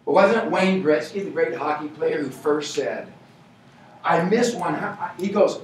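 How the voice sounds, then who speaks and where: An American man giving a lively motivational speech at a sales event, punching key points with shouts and humor. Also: high voice, moderate pace, recorded from a distance. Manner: energetic, playful, shouts for emphasis. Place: large event hall with audience. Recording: echoey hall, voice from afar.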